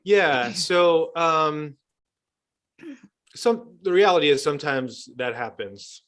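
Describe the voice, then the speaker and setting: A man who works as a couples therapist, explaining his approach in a podcast interview in a measured way, with fillers and restarts. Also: a little high, expressive, fairly bright tone.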